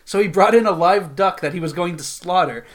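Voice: medium pitch, brisk. A podcast co-host in casual chat, retelling a TV episode and laughing often along the way.

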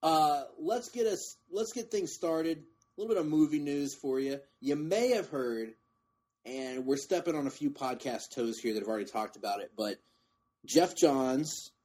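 A man's voice: fairly high pitch, normal speed, a little mellow. A man hosting a podcast, chatting casually and restarting sentences as he goes. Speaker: podcast host. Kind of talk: casual chat.

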